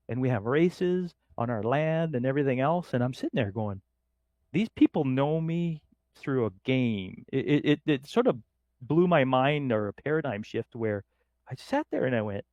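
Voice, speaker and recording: Lively middle-aged Canadian man, dry sound. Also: medium pitch, moderate pace, no room sound, lo-fi sound. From northern Canada. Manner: lively, acts out quoted voices in his anecdotes. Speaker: podcast guest. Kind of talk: casual storytelling.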